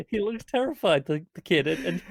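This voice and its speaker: A man's voice: high voice, sing-song, slow pace, vocal fry, no room sound. A man co-hosting a podcast, chatting casually about a TV episode in an easygoing, agreeable way. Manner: easygoing, agreeable, trails off softly. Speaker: podcast co-host. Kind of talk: casual review chat.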